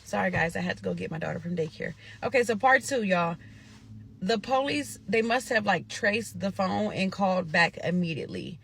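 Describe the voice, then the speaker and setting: A woman from Nebraska talks straight to her viewers in a casual storytime. Her voice has a bright, forward tone. She tells it with animated, profane energy and keeps calling her audience "y'all.". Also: medium pitch, moderate pace, gravelly, slightly rough. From Omaha, Nebraska.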